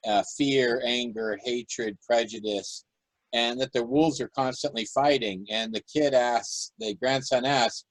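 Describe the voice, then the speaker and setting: A man on a video call calmly retelling a parable in a group discussion. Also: medium pitch, measured pace, no room sound, rough recording. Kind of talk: casual online worship discussion.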